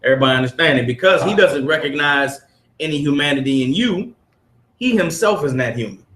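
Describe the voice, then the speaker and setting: Brisk, expressive and a bit bright, the man's somewhat high voice leads a preachy group lesson. He reads aloud and emphatically presses his listeners with rhetorical questions, recorded in an echoey room.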